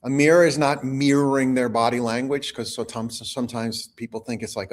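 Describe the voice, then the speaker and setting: A man, a negotiation expert guest, explaining techniques in a measured, instructive way during an interview. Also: mid-range voice, steady tone. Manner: measured, instructive, teaches in short points.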